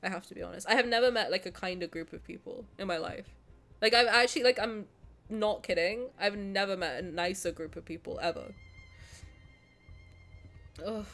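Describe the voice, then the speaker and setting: A woman's voice: medium pitch, normal speed, long pauses, a bit bright, faint music behind. A woman streamer who is sick, chatting effusively with her viewers and reading game text aloud, with many restarts and bursts of laughter. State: sick, slightly congested.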